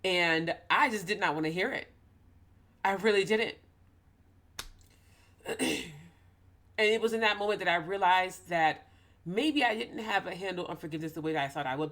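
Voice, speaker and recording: A woman's voice: on the low side, normal speed, long pauses, fairly bright tone. Tearful woman sharing a personal story. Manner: emotional, tearful, earnest. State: holding back tears. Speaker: ministry host. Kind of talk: personal talk to camera.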